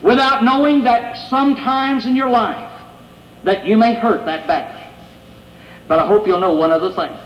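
A middle-aged man preaching an earnest, pleading sermon in a church, pausing to read scripture aloud. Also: sits high, muffled recording. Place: church sanctuary. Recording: echoey hall, faint room ambience.

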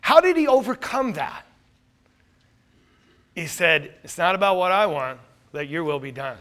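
Bright high-voiced male pastor preaching. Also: lively intonation, a little slow. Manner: earnest preaching with emphatic rises and quiet drops. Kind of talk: sermon.

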